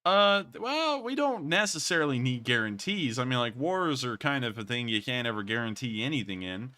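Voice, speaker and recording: A man's voice: mid-range voice, lively intonation, moderate pace, pushed and bright. A man hosting a casual livestream Q&A, rambling and repeating stock phrases as he answers viewers. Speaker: host. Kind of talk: livestream commentary and Q&A.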